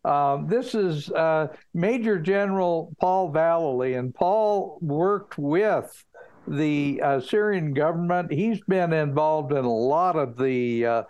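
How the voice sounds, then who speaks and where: Higher-voiced male radio host. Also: slow pace, a little mellow. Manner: breaks in to introduce guests. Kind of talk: radio interview hosting. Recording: dull lo-fi line.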